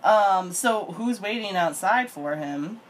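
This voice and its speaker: A woman's voice: mid-range voice, expressive, slow, low-quality recording. A young woman chatting casually about a reality show, laughing, swearing and acting out quotes. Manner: chatty, laughing, swearing, quoting people in voices. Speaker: podcast co-host.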